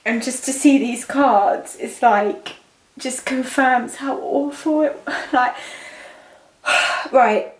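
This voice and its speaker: Emotional woman, high voice, roomy echo. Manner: emotional, halting and rambling. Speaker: tarot reader. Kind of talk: channeled psychic tarot reading.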